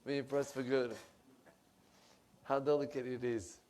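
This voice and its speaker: A middle-aged male rabbi preaching a sermon in a synagogue, animated and emphatic, swinging from loud to soft. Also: medium pitch, measured pace.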